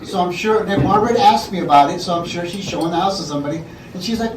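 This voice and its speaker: A man's voice: sits high, very fast. A man giving a roast speech at a party, telling a long comic story and often laughing as he acts out the people in it. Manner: laughing often while telling a long anecdote, acting out voices. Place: party room with a crowd. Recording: echoey party room, far from mic, loud noise.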